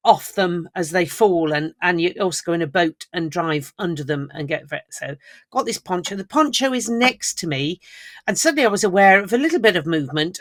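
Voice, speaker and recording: A woman co-hosting a podcast, telling travel stories in lively casual chat and laughing often. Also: fairly low pitch, no echo, studio quality. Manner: chatty, animated storyteller who laughs often. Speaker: podcast co-host.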